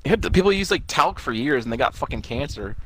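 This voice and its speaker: A man co-hosting a casual podcast, with a sharp, bright tone and a lively, animated pitch. He jokes, teases and swears in loose banter, over a faint background hiss. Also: quick pace. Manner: profane, joking, teasing. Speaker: podcast co-host.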